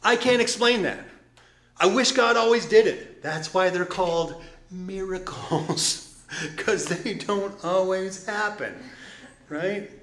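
Animated preacher in an echoey church. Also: male voice, sits high, takes it slowly. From Detroit. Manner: animated, swings from loud exclamations to soft asides. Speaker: pastor. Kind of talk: sermon. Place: church sanctuary. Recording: echoey room.

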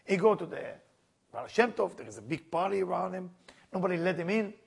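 A man telling a spiritual story as a lesson in broken, non-native English, with lively asides to his listeners. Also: high voice, a little fast, creaky, slightly rough. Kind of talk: storytelling sermon.

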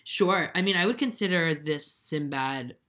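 Animated low-voiced woman podcast host. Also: unhurried. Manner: animated storyteller, acts out quotes, many fillers. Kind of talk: casual chat.

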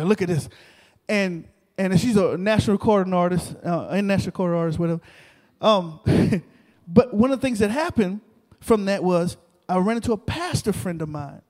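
A male preacher telling a story in an animated sermon, repeating phrases and calling out to the congregation. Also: high voice. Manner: animated, repetitive, talks to the crowd. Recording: long reverb of a large hall.

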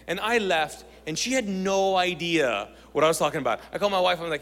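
A man preaching a sermon as pastor, telling a story with lively back-and-forth dialogue before turning to his message. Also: high voice, fast, few pauses. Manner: animated storytelling, acts out both sides of a conversation. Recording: long hall reverb.

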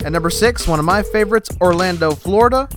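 A man's voice: sits high, fast talker, fairly bright tone, soft background music. A man hosting a comedy podcast, chatting playfully and getting exasperated with his sidekick. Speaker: podcast host.

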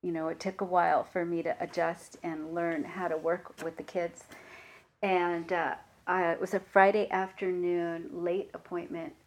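A woman gives a dharma talk as a meditation teacher, her voice sitting a little low. She speaks reflectively and without hurry. She pauses often and leans on small fillers as she thinks. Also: flat delivery.

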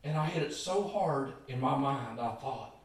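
In an echoey church hall, caught on a distant mic, an animated male pastor speaks at a normal pace with a mid-range voice. His sermon mixes folksy stories with emphatic calls to the congregation.

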